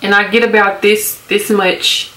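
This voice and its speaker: A woman's voice: mid-range voice, flat delivery, measured pace, echoey room, noisy background. A young woman chatting casually as a beauty vlogger, giggling often and using lots of fillers. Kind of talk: casual storytelling and skincare chat.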